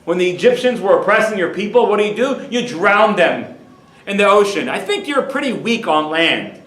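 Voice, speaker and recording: A man acting out an arrogant Roman general who loudly mocks and taunts, in a roomy hall. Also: sits high, sing-song, moderate pace, pitched above the performer's own voice. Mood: mocking taunt. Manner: mocking, shouting taunts.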